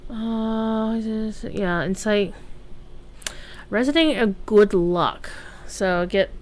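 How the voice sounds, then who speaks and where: A woman's voice: medium pitch, slow, a little mellow, slight background noise. A woman streaming a game, chatting casually and rambling through asides with plenty of fillers and offhand swearing. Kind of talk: casual gameplay commentary.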